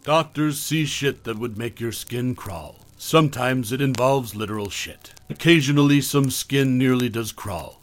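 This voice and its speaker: A man reading a scripted horror story aloud as the host, in a measured, calm storytelling manner. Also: medium pitch, faint music behind.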